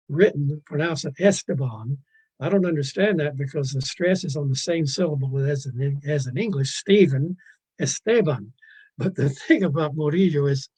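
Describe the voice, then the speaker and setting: A man's voice: on the high side, darkish tone, slightly rough, poor audio. A man lecturing on paintings in a virtual museum talk, wandering off on asides, restarting his sentences and poking fun at himself. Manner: digressive, self-deprecating, stumbling restarts. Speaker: art lecturer.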